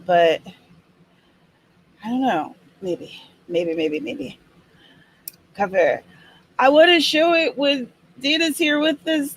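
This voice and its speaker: A woman's voice: high-pitched, fairly bright tone, a little hiss or hum, rough recording. A woman hosting a writing livestream, chatting casually and reading comments aloud with small asides. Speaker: host.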